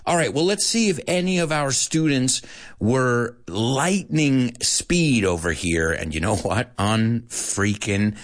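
Guy running a live english class online, bouncy pitch, takes his time, slips into spanish here and there. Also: takes it slowly. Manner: animated, playful, switching into Spanish asides. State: out of breath at times. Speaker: English teacher hosting a live stream. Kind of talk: live-streamed language lesson.

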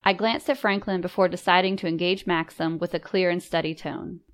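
A woman reading a story aloud in measured, composed first-person narration. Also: fairly low pitch, fairly even intonation. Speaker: audiobook narrator.

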